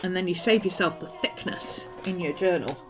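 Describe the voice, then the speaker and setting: A woman's voice: on the low side, normal speed, over music. A woman hosting a planning and journaling video, chatting casually and rambling as she works. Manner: chatty, rambling, self-amused. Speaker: planner and journaling channel host. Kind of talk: casual crafting chat.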